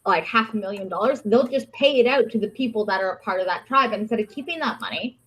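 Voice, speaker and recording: A woman's voice: medium pitch, quick pace, a bit bright, husky, poor audio. A woman hosting a podcast-style live stream, ranting in a heated, sarcastic, profane way. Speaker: podcast host. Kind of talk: casual ranting commentary.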